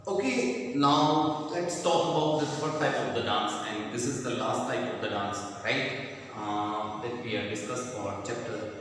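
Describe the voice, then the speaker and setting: A man teaches a lesson at a slow, deliberate pace, checking in with "right?" after nearly every point. His voice sits at a middle pitch. It is picked up from a distance in a very echoey room with a long reverb tail and a faint hiss underneath. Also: fairly bright tone. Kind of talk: classroom lecture. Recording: echoey room, mic far off, faint noise.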